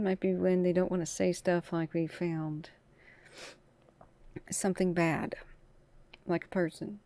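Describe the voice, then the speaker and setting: A tired woman hosts a live wildfire stream, chatting casually. Her voice is low and carries a gravelly fry. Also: fairly even intonation, measured pace, long pauses, warm tone, no room sound. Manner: chatty, talks through radio traffic. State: tired from little sleep. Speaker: wildfire livestream host.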